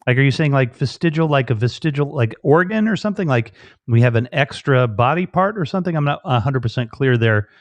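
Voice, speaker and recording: A man's voice: medium pitch, lively intonation, brisk, highs cut off. A man hosting a casual live interview, rambling and repeating himself as he reads out viewer comments. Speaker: host.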